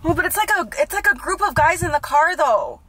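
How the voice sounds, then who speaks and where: A woman's voice: extremely high pitch, animated, a little fast, music in the background. A young woman playing a ditzy, whiny role on a prank phone call, pleading and indignant. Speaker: vlogger pranking her fiancé. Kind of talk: acted prank phone call and vlog aside.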